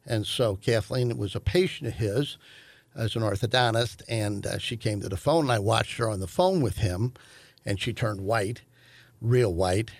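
An older man, telling a family story in a halting way with many fillers and restarts. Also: lowish voice, creaky, no room sound. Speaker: guest, host's father. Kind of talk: conversational storytelling.

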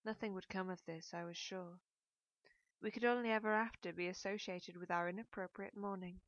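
A woman reading a novel aloud in the first person, in a measured, melancholy storytelling manner. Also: mid-range voice, steady tone, no room sound. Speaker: audiobook narrator. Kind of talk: first-person audiobook narration. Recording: dull, dry audiobook recording.

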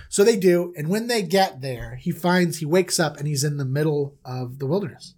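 A woman's voice: low-pitched, lively intonation, normal speed, hardly any pauses, a little mellow. A woman retelling a story in an irreverent, playful comedic style.

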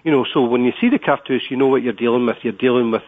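A fast-talking Scottish man, medium-pitched, is interviewed as a guest over the phone, his middle-register voice sounding thin and squeezed by the narrow line. He hesitates and piles up little filler words before each point, then lands it steadily.

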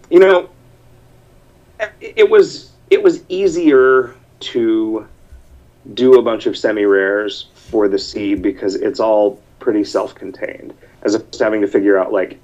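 A man's voice: lowish voice, fairly even intonation, a little slow, darkish tone, muffled recording. A man hosting a podcast, chatting casually, rambling and restarting his sentences as he reads out listener messages. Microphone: computer mic over an online call.

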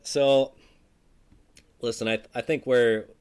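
A man's voice: mid-range voice, fairly even intonation, slow pace, a little mellow, smooth. A man co-hosting a sports podcast, talking casually and rambling with lots of fillers and restarts. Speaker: podcast co-host.

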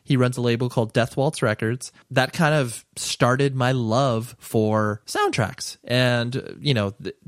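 A man hosts his podcast with a stuffy, congested voice from a cold. He talks in an excitable, rambling and self-deprecating way, in an ordinary middle pitch. The sound is dry, with no room around it. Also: dry recording. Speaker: podcast host. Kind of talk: casual podcast chat.

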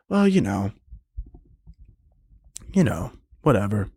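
A young man hosting a solo comedy podcast, rambling and sarcastic, swearing often and breaking into squeaky mocking voices. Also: very animated, slow pace, vocal fry, long pauses, slightly rough, no echo, studio quality. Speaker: podcast host.

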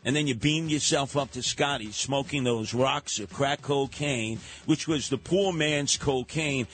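An older radio host with a New York accent tells stories with animated, street-level energy. His voice sits at an ordinary middle pitch, and faint music plays underneath. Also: a little slow. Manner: animated storytelling, slipping into voices. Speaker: radio talk show host. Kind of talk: radio talk show monologue.

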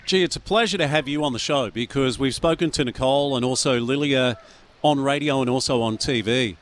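A man's voice: medium pitch, fairly quick. Conversational male radio host. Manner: conversational, leads questions. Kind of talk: radio interview.

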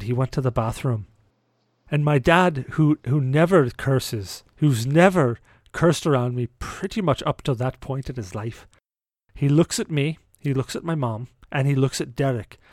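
A man's voice: mid-range voice, a little mellow, no room sound. A man hosting a podcast, telling a story casually, laughing often and repeating words as he restarts his sentences. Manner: laughs often, stumbles and repeats words when starting a thought. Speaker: podcast host.

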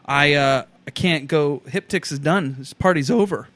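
A man's voice: on the high side, moderate pace, a bit bright, no room sound. Easygoing man in his thirties, dry sound. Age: 30s. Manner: easygoing, agreeable, chuckling. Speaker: podcast co-host. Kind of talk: casual comedic chat.

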